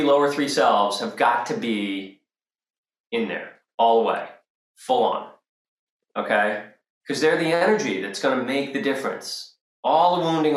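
An animated teacher leads a group workshop, the voice swinging widely as it acts out little scenes. The talk is loose and casual, and it rings in a roomy echo. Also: mid-range voice.

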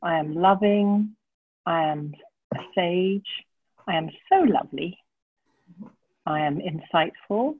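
A woman on a video call reading a flowing list of gentle affirmations about herself. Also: lowish voice, lively intonation, slow pace, pauses often, husky, no room sound, phone-quality sound. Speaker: group participant.

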